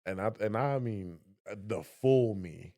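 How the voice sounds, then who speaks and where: A young man co-hosting a podcast, telling stories in a casual, animated way and acting out voices. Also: on the low side, a little slow. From Southern West Virginia. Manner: animated storyteller, acts out voices. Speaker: podcast co-host. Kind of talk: casual conversation.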